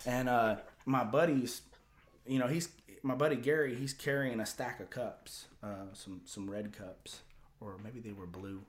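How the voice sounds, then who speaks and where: A man's voice: mid-range voice, measured pace. A man casually telling a long story as a podcast host, rambling and profane, with lots of filler words.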